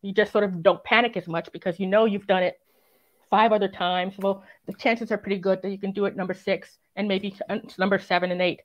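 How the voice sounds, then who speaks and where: A woman who is a crime writer, speaking as an interview guest, reflective and earnest, often filling pauses with "um" and "sort of". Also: medium pitch, steady tone, muffled recording. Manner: reflective and earnest, many fillers and "sort of" hedges. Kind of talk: conversational interview.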